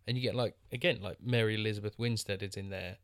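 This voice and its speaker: This podcast co-host speaks fast in a lowish, steady voice with a fairly bright tone. His casual film talk rambles along with lots of fillers and restarts, captured in a dry recording with clean studio sound.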